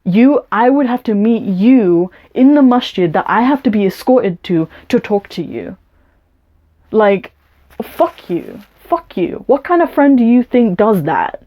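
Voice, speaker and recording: A woman's voice: on the high side, sing-song, a little slow, muffled recording. A young woman, telling a personal story to camera in a blunt, indignant rant full of swearing and "like". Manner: blunt, profane, indignant, with lots of "like" and "um". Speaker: vlogger.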